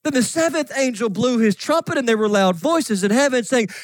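A man preaching a sermon as pastor, reading scripture aloud with fervent emphasis that rises to shouts. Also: very high-pitched, expressive, a little fast, no echo. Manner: fervent, rising to shouts on key points.

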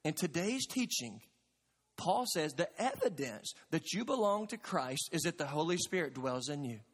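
A pastor preaches from the pulpit in a high, ringing voice. He is earnest and emphatic and presses the congregation with questions. His words carry a long reverb through the large sanctuary. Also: sing-song, normal speed, breathy edge. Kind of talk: sermon. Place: church sanctuary.

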